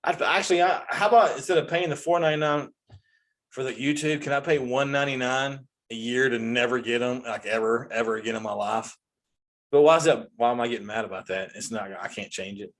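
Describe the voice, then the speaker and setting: A man in his forties ranting casually as a comedy host, exasperated and animated, with frequent restarts and self-interruptions. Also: medium pitch, fairly quick. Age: 40s.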